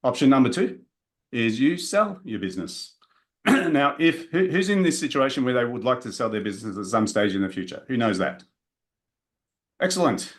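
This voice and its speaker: Energetic man presenting a seminar. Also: mid-range voice, moderate pace. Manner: energetic, direct, talks to the audience. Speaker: business coach presenting a workshop.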